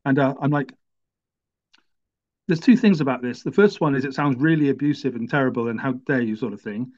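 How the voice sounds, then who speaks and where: A man's voice: mid-range voice, brisk, darkish tone. Wry man who stutters. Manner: wry, self-deprecating. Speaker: guest. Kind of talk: conversational storytelling. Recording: dull lo-fi sound.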